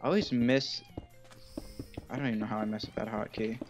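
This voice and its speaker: A man chatting casually while gaming with friends, reacting quickly to fights and getting frustrated with the game. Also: fairly low pitch, fairly even intonation, over music. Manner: quick live reactions during combat. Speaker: gamer playing with friends.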